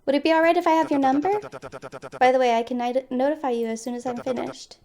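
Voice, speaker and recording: A woman's voice: sits high, steady tone, crowd noise. A woman doing a reserved, formal young man. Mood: calm polite. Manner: measured, formal.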